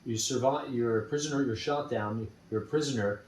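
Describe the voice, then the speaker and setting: A man interviewing a veteran, soft-spoken and prompting with questions. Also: mid-range voice, brisk, slight background noise. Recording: distant roomy mic with faint ambience.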